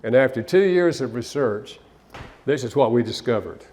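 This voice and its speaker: Older male speaker and author, storytelling talk, animated delivery. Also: mid-range voice, normal speed, a little hiss or hum. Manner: animated storyteller, acts out quotes.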